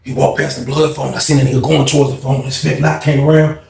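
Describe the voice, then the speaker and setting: A man telling a prison story in a casual storytime vlog, animated and profane, swinging from shouting to hushed. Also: medium pitch, quick pace, gravelly, roomy sound.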